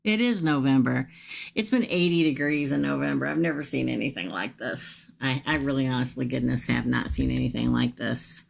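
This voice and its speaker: A woman's voice: rumbling low, normal speed, creaky. A woman tarot reader, chatting casually and folksily with viewers during a livestream reading.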